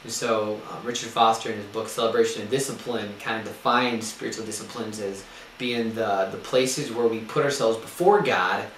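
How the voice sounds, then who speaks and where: Earnest low-voiced young man preaching. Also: steady tone, normal speed, fairly bright tone. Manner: earnest, with frequent ums and restarts. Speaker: speaker giving a spiritual talk. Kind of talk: sermon-style teaching talk. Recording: echoey room, distant mic, faint noise.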